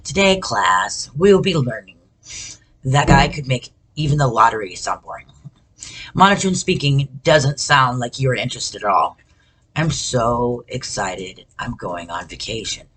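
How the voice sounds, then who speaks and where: A woman's voice: rumbling low, fairly bright tone, slightly rough. A woman giving an informal talk on speech delivery, chatty and self-deprecating, with many fillers and self-corrections.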